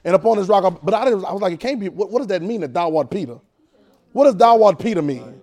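A man preaching a call-and-response sermon, animated, repeating words and quizzing the congregation. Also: high voice, fast talker. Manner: animated, repeats words, teaches by asking the crowd.

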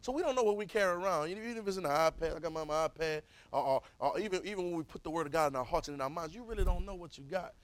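Man, Bible class preacher, call-and-response, soft to loud, fairly high voice, dry sound. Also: rapid-fire, hardly any pauses, dry recording, rough recording.

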